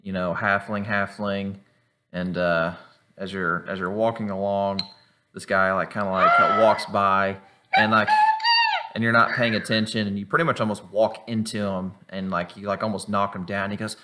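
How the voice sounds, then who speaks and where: A man's voice: fairly low pitch, flat delivery, normal speed, very noisy. A man narrating as game master, loose and rambling with plenty of fillers and swearing. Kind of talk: narrating a tabletop game online.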